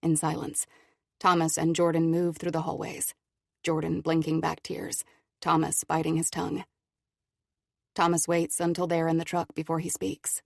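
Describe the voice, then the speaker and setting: Low-voiced woman narrating an audiobook. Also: level tone, normal speed, vocal fry, no room sound, clean studio sound. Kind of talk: scripted narration.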